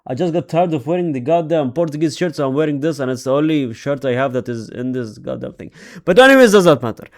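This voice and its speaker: A young man hosting a casual football predictions vlog, animated, repeatedly addressing his audience as ladies and gentlemen. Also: mid-range voice, fast. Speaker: football vlogger.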